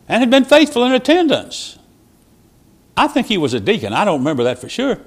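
In this sermon, a man whose voice sits high preaches as a traveling minister. He narrates stories with quoted speech, rising sharply in volume and then falling to a hush.

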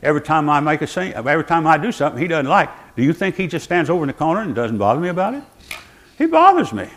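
Animated elderly preacher. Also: male voice, on the high side, very fast. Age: 80s. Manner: folksy, joking asides to the congregation. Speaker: pastor. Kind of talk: sermon. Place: church, seated before the congregation.

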